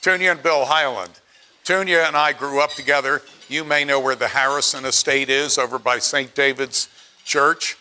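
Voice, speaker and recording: After-dinner speaker, male, late seventies, from Pennsylvania; bright, chatty, self-mocking storyteller. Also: mid-range voice, fairly even intonation, moderate pace, slight background noise. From Pennsylvania, USA. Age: 70s. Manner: chatty, self-deprecating, acts out quotes in his stories. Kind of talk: anecdotal after-dinner speech.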